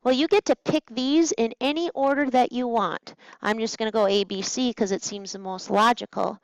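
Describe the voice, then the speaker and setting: A woman's voice: a little high, fairly even intonation, moderate pace, no room sound, dull audio. A woman math teacher talking through practice problems at a smart board, chatty and playful with little asides to herself. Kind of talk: recorded test-prep walkthrough.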